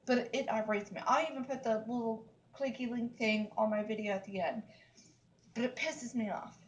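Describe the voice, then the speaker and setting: A woman's voice: a little high, a little fast, lo-fi sound, slight background noise. A woman, venting in a casual vlog, emphatic and repetitive, with lots of "like, seriously.". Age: 30s. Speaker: vlogger. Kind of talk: upset casual rant to camera.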